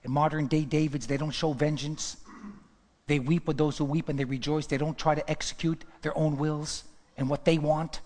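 A male preacher giving an impassioned sermon, swinging from hushed whispers to loud outbursts. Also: a little high, little pitch movement, moderate pace, in a large hall.

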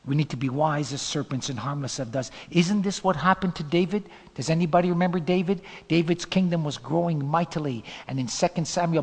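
Gravelly high-voiced preacher in an echoing hall. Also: male voice. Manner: swings between loud emphatic peaks and low hushed asides. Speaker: pastor. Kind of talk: sermon. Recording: long hall reverb.

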